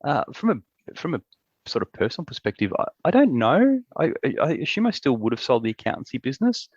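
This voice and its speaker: A man, co-hosting a casual podcast chat in a relaxed, rambling way with frequent restarts. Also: medium pitch, fairly quick, breathy edge, no room sound, highs cut off. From Australia. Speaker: podcast co-host.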